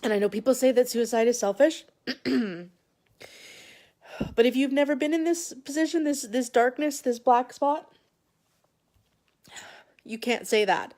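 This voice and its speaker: A woman vlogger sharing a personal story straight to camera. She talks in a halting way, with frequent restarts and long pauses, and sounds emotional and close to tears. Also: high voice, a little mellow. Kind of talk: personal confessional talk to camera.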